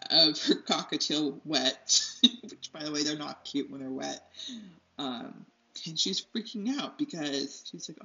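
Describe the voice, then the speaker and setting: A woman's voice: deep voice, bright, forceful tone. Rambling, chatty young woman, slightly muffled. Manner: rambling and chatty, laughs often, loses her train of thought. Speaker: art tutorial host. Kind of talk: casual chat while painting. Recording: slightly dull lo-fi sound.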